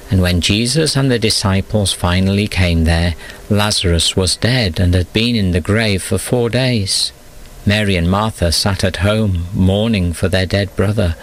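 A man giving scripted storybook narration in a steady, measured reading. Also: deep voice, a little hiss or hum, low-quality recording.

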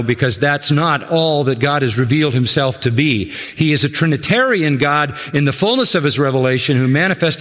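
A man's voice: on the high side, a bit bright. Emphatic man preaching in a reverberant hall. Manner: emphatic, repeats phrases for stress, varies pace. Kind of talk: expository sermon.

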